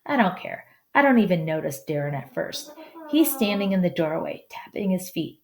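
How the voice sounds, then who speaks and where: A woman's voice: fairly low pitch, very animated, moderate pace, gravelly. A woman reading a first-person story aloud who stumbles over hard names, apologizes and makes asides. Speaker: audiobook reader.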